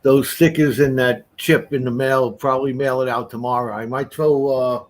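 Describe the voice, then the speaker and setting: A man from New York chatting casually on a livestream, friendly and halting. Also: mid-range voice, fairly even intonation. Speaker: livestream guest. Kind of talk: casual live chat.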